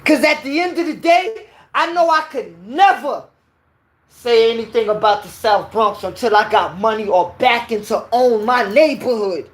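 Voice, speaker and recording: A woman's voice: fairly high pitch, normal speed. A woman from New York with a New York accent, giving a heated, preachy opinion rant and repeating her points.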